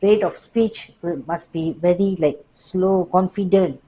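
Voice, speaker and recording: A woman teaching a workplace class, lively but slowing for deliberate emphasis. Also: lowish voice, low-quality recording. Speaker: workplace trainer. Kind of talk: classroom lecture.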